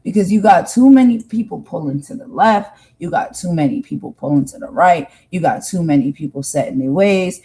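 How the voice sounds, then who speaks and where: A woman's voice: lowish voice, lively intonation, a little fast, hardly any pauses, mellow, breathy edge, rough recording. A woman from the United States hosting a livestream, talking to viewers in an earnest, heartfelt monologue and often repeating herself for emphasis. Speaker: livestream host.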